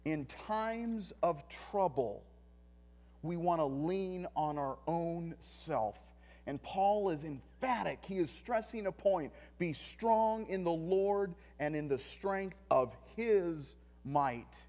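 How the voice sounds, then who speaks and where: A male pastor preaching a sermon, emphatic, with deliberate pauses and repeated phrases. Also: a little high, animated, a little mellow.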